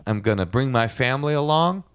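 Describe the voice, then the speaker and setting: A man's voice: medium pitch, expressive, a little fast, clean tone, no echo. A man co-hosting a podcast, chatting casually and joking in a playful, exaggerated way. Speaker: podcast co-host. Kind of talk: casual comedic chat.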